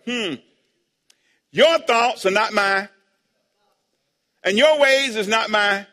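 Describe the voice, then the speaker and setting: A high-pitched male pastor preaches to his congregation, calling out for amens and answers and now and then bursting into a shout. His voice is bright and sharp, and it rings out with the long reverb of a church sanctuary. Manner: call-and-response, asking the congregation for amens and answers; preaching with sudden loud shouts. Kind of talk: sermon.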